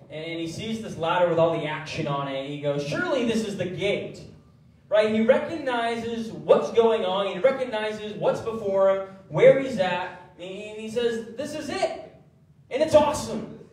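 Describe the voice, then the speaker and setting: Male pastor, lively sermon delivery, high voice, miked from a distance in a reverberant church. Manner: animated preaching with acted quotes. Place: church sanctuary. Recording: echoey church hall from far off.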